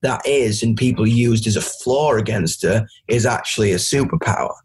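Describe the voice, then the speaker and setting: A man with a Yorkshire accent, a guest musician chatting loudly and casually in an interview, rambling and swearing freely. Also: on the low side, moderate pace, husky. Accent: Yorkshire English. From Doncaster, England.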